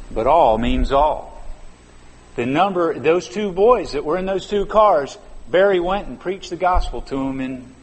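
Man preaching in a reverberant hall. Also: mid-range voice. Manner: conversational preaching with sudden emphatic stresses. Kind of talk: sermon. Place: large church conference hall. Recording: reverberant hall with faint ambience.

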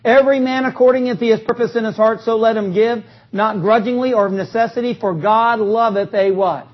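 A man preaching an energetic sermon in a church, joking with the congregation and calling for responses. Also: sits high, brisk. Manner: calls out to the congregation, joking, rising to loud exclamations. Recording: dull lo-fi recording.

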